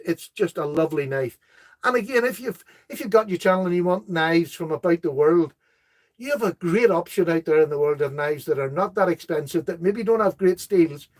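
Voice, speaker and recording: A man's voice: a little high, animated, moderate pace. A middle-aged man hosting a casual live stream, chatting enthusiastically and rambling as he reads out viewer comments. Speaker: host of a knife live stream.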